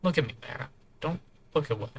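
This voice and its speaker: A man's voice: medium pitch, lively intonation, fast talker, gravelly, slight background noise. A man playing an evasive young guy. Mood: placating. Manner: hesitant, placating.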